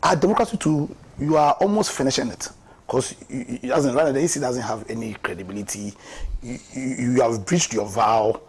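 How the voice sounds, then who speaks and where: A man's voice: mid-range voice, fairly quick, breathy edge. A man with a Ghanaian accent giving impassioned, mocking political commentary on a talk show, often repeating words for emphasis. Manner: impassioned, mocking, repeats words and laughs at his own jabs.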